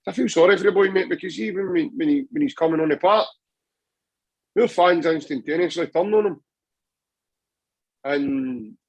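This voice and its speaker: A man's voice: a little high, dry recording, low-quality recording. A Scottish man chatting passionately about football on a podcast, rambling with many restarts. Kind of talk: casual football chat.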